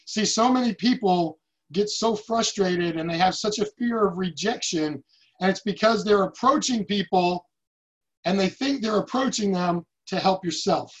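A man's voice: high voice, normal speed. Emphatic man, motivational talk. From United States. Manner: emphatic, storytelling with acted-out quotes. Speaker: sales team leader. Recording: dull lo-fi recording.

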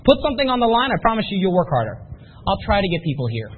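Male seminar speaker, fast and pushy, quizzing the crowd; tinny lo-fi capture. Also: high-pitched, breathy edge. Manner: energetic, rhetorical, quizzes the audience. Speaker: motivational business speaker. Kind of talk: live sales seminar pep talk.

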